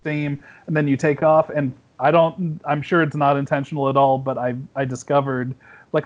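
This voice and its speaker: A man's voice: fairly high pitch, steady tone, moderate pace, highs cut off. A man who is a guest in a casual podcast chat, telling a rambling anecdote with restarts and fillers.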